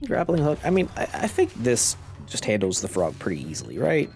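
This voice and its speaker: A man casually commenting on his gameplay, musing aloud in a low-key way while nursing a sore throat and sucking on a cough drop. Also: wildly swooping pitch, fairly quick, creaky, a little mellow, faint music behind. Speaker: gaming channel host. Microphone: cough drop in mouth.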